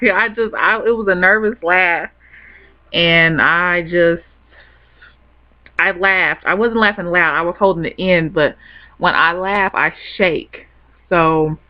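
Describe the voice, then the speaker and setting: Chatty young woman, lo-fi webcam sound. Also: lowish voice. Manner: chatty, rambling, laughs easily. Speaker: vlogger. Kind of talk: casual storytelling to camera. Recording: dull lo-fi webcam audio.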